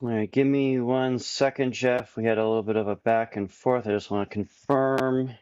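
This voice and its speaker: A man helping a live sale stream who checks the bids in a brisk, matter-of-fact way. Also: medium pitch, fairly even intonation, a little mellow, clear, resonant tone, no room sound, dull audio. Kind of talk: behind-the-scenes stream help.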